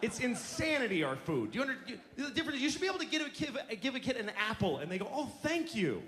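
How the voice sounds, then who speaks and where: A man's voice: extremely high pitch, sing-song, very fast, sharp tone. Profane ranting male stand-up comic. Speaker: stand-up comedian. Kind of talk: stand-up comedy routine. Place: comedy stage.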